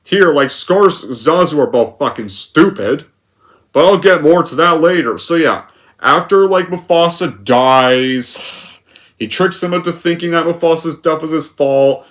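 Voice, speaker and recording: A man's voice: on the high side, unhurried, a bit bright. A man giving a ranting movie review, rambling and full of "like" fillers, scornful and exasperated. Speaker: film reviewer.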